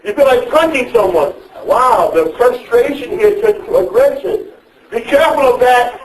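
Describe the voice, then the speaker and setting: Man speaker addressing youth in a mosque; very high voice, quizzes the crowd, repeats lines; distant mic in a roomy hall. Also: lively intonation, normal speed. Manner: questions the audience and repeats phrases. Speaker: speaker advising young people.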